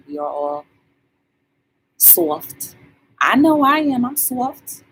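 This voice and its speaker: A woman's voice: lowish voice, slight background noise. A woman hosting a live talk show, chatting casually and colloquially with her viewers. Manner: animated, shouting out viewers by name; colloquial, conversational. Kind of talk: casual live-stream chat.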